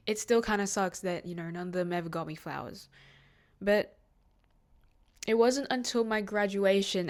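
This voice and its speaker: A nineteen-year-old woman hosting a solo podcast, talking in a rambling, heartfelt way with lots of fillers and restarts. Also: mid-range voice. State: near tears at moments, emotional. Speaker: podcast host. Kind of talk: casual solo podcast monologue.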